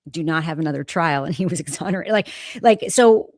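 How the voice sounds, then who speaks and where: Female co-host from New Hampshire, lower voice, direct and teasing, dry mic. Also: lively intonation, brisk, dry recording. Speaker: podcast co-host. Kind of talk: casual chat.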